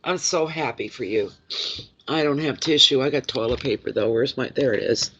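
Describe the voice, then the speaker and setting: A man's voice: mid-range voice, moderate pace, a bit bright, highs cut off, a little hiss or hum. A middle-aged man and intuitive card reader, chatting emotionally and telling stories on a casual livestream.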